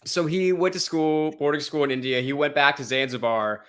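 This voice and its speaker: A man's voice: on the high side, fairly even intonation, normal speed, fairly bright tone. An American man co-hosting a podcast, chatting loosely, swearing casually and laughing often. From United States. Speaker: podcast co-host. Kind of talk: casual chat.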